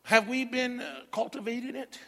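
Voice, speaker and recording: Middle-aged male pastor with a high voice, animated call-and-response preaching in a reverberant hall. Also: moderate pace. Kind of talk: sermon.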